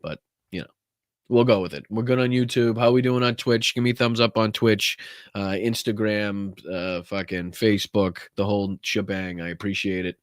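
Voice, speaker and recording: A low-voiced man swears freely as he hosts a livestreamed political podcast from home. His rambling is loose and joking, and the sound is dry and close, with no room echo. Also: fairly even intonation, normal speed. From Massachusetts, USA. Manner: profane, rambling, joking about his tech troubles. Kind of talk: casual livestream chat.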